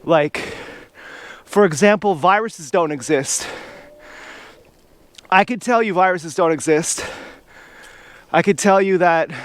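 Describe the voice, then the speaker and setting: A man vlogging while he rides an ebike along outdoor trails, telling a meandering, drawn-out story in a calm, stoned manner. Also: high voice, clear, resonant tone, no room sound. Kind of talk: rambling monologue while riding. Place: outdoors on nature trails by a river. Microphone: camera on an ebike.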